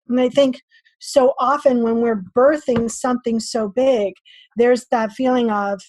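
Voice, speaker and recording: Woman, higher voice, dry close sound, podcast guest, animated storyteller. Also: normal speed, no room sound. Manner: animated storyteller acting out her own inner voice. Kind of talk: casual interview talk.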